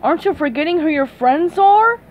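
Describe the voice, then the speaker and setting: A woman voicing a slow, simple male cartoon starfish in a storybook reading, plodding and earnest. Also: very high-pitched, expressive, lo-fi sound, slight background noise, voice pushed up. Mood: indignant.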